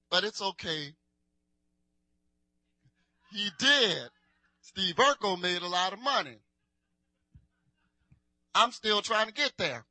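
A man's voice: sits high, animated, slow, pauses often, pushed and bright, no room sound. A man, leading a worship concert, chatting playfully with the crowd and urging them on like a preacher. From New Orleans, USA. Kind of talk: stage banter and exhortation between songs.

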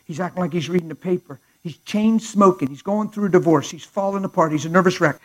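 A middle-aged man preaches in a high voice, telling stories with lively swings in loudness. He acts out the people in his tales, dropping to near hushed tones before rising again. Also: brisk, rough recording. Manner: animated storyteller acting out dialogue, swings from hushed to loud. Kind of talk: sermon storytelling.

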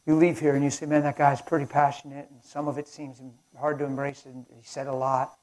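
A man preaching at a conference breakfast in a passionate storytelling sermon. His voice sits a little high for a man, and he swings from loud, fired-up lines to hushed, intense ones. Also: level tone, brisk, low-quality recording. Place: conference hall.

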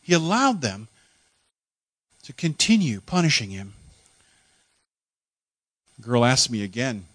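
A man preacher telling a story in first person as a dramatic monologue sermon, emotional and halting, repeating words when moved. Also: mid-range voice, sing-song, a bit bright, no echo.

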